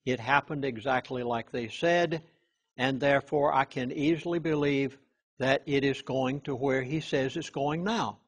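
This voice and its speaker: A man speaking as a chaplain in an interview, talking earnestly and stressing key words hard, with halting restarts. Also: medium pitch.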